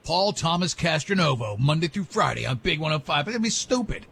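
A man hosting a morning radio show, bantering and running a quiz with quick jokes and frequent laughs. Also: on the high side, very animated, gravelly, a bit bright, breathy edge. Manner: joking, laughs often, quick asides. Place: radio studio.

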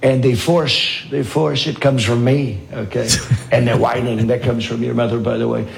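Guy doing a gravelly pompous villain dad, rambling and bragging nonstop. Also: mid-range voice, fairly even intonation, normal speed, background noise, lightly acted. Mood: boastful. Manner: rambling, boastful asides. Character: pompous boastful villain father, impression of a president. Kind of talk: comedy impression clip.

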